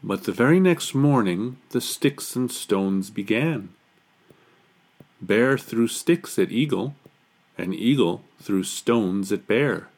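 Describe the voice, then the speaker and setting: Man reading a kids picture book out loud, slow, expressive sing-song. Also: lowish voice. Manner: unhurried, expressive storytelling. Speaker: storyteller. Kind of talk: children's picture-book read-aloud.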